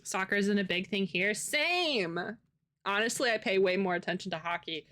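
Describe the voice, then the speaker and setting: A woman's voice: mid-range voice, lively intonation, normal speed, pushed and bright. An American woman livestreamer chatting casually with viewers, rambling and laughing often. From United States. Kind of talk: casual chat with live viewers.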